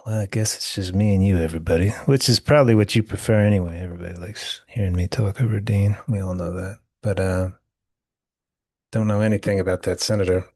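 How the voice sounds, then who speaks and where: A man's voice: low voice, fairly even intonation, fast, a little mellow, no room sound, clean studio sound. A young man co-hosting a podcast over a call, talking casually, bluntly and crudely and boasting. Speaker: podcast co-host. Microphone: remote call.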